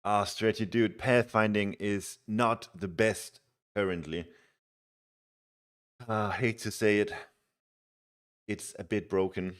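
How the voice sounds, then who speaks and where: Young male streamer, deep voice, chatty and easygoing while playing. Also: steady tone, slow pace, long pauses. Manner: chatty, reads chat aloud, laughs easily. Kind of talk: casual live game commentary.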